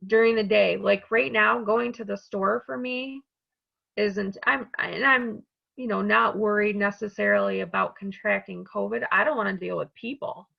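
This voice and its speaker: A woman's voice: medium pitch, steady tone, moderate pace, vocal fry, muffled recording. A woman on the staff of a community college, speaking earnestly and from the heart in a webinar panel discussion over a video call.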